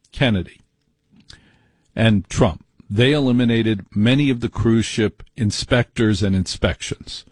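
Brash, husky-voiced man ranting. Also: fairly low pitch, darkish tone, dry recording. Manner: brash, rambling, mock-exasperated. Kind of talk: opinionated monologue.

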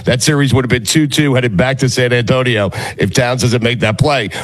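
A man's voice: mid-range voice, fairly even intonation, a little fast. A man hosting a sports radio show who steers the talk and laughs easily.

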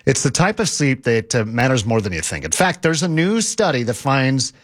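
A man's voice: medium pitch, no echo, clean studio sound. A man co-hosting morning radio, trading playful banter and reading trivia. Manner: playful, lively, quick asides. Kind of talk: casual on-air banter.

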